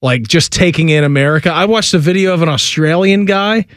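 A man's voice: a little high, fairly quick, dry recording, clean studio sound. Chatty male sports radio host. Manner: chatty, storytelling, laughs often. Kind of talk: casual sports radio chat.

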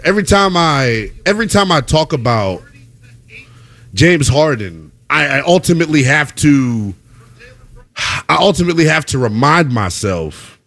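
A man hosting a post-game basketball show, giving emphatic, animated analysis and repeating points for effect. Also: on the high side. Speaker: sports show host.

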